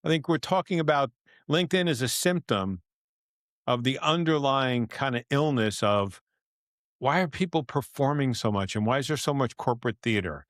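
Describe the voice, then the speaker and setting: A middle-aged man co-hosting a podcast, talking in a loose, rambling way and laughing often. His voice sits at an ordinary pitch for a man. The sound is dry and close, with no room around it. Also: lively intonation, normal speed, a bit bright, no echo. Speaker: podcast co-host. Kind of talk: casual podcast chat.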